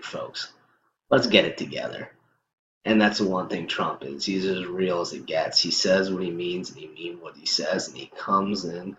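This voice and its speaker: Deep-voiced man ranting commentary. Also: a bit bright. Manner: emphatic, ranting, many fillers. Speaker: host. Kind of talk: casual political commentary. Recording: echoey lo-fi room, faint noise.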